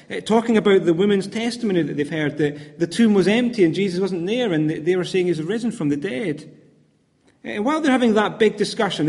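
A man's voice: a little high, darkish tone. A man preaching a sermon in a conversational, hesitant way, often repeating words and using fillers. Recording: long hall reverb.

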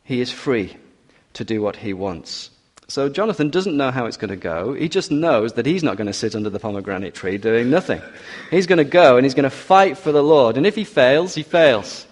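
A man's voice: medium pitch, expressive, normal speed, long reverb tail. A man preaching an expository sermon, walking through a passage verse by verse with teasing asides and emphatic urging.

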